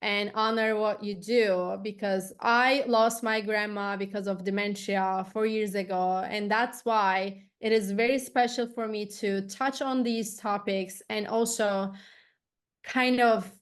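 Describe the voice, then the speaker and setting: A woman's voice: medium pitch, fairly even intonation, measured pace, clean tone. A woman hosting a podcast interview, speaking in an earnest, emphatic and heartfelt way. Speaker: podcast host.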